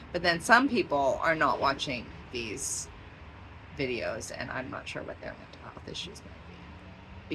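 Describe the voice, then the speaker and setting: A woman's voice: low-pitched, noisy background. A woman talking in a rambling, stream-of-consciousness vlog, drifting into tangents and laughing often. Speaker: vlogger.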